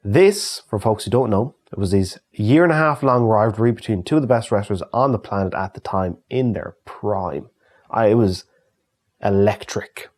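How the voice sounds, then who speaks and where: An Irish man with a slightly low voice talks through fan questions in a loose, chatty way. He swears freely and reads the questions out before answering. He sounds like a creator in his thirties speaking to his regular viewers. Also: animated, moderate pace, darkish tone. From Ireland. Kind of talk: casual solo Q&A chat.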